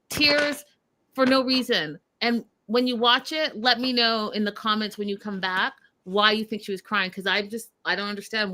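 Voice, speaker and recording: Bright-voiced woman hosting a TV recap. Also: mid-range voice. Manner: animated, addresses viewers directly. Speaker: show host. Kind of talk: casual reality TV recap chat.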